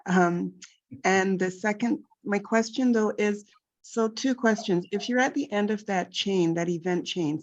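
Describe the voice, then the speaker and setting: A woman at a workshop works through her questions in a halting, inquisitive way. Her voice is on the low side for a woman, and the audio is dull and muffled. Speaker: workshop participant asking questions. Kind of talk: group discussion.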